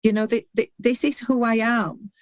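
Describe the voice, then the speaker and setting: As a podcast guest in a candid conversation, this middle-aged intuitive healer and hypnotherapist talks with heartfelt earnestness, frequently restarting her words. She speaks on the high side with fairly even intonation at a moderate pace, in a dry recording.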